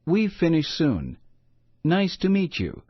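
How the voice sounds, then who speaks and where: A man's voice: on the high side, wildly swooping pitch, husky, no room sound, pitched above the performer's own voice, heavily acted. A man voicing a friendly mother in broken English. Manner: simple halting English, polite and warm. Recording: muffled lo-fi recording.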